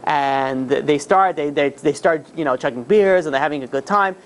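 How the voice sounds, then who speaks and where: A man, a rabbi, telling a story to a live group in a casual, animated way, with many fillers and restarts. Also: fairly high pitch, normal speed, a little hiss or hum. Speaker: rabbi teaching a class.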